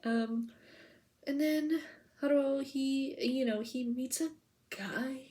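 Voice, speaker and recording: A woman's voice: high-pitched, steady tone, slow, mellow. A woman vlogger chatting casually to the camera, rambling and giggly, full of "like" and "okay?" as she info-dumps. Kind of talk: casual POV chat to camera.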